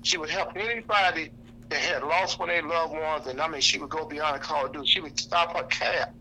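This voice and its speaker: A man's voice: on the high side, fairly quick, sharp tone, slight background noise, low-quality recording. A man with a St. Louis accent talking on the radio in an impassioned, preacherly way, repeating himself for emphasis. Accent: St. Louis, Missouri. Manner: preacherly, repetitive, acts out quoted voices. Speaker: activist guest.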